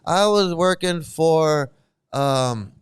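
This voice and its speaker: A man's voice: fairly high pitch, lively intonation, very slow, smooth. A middle-aged man talking casually and at length, rambling and swearing, often stammering and breaking into laughter. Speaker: channel host commenting on a cult. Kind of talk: casual livestream commentary.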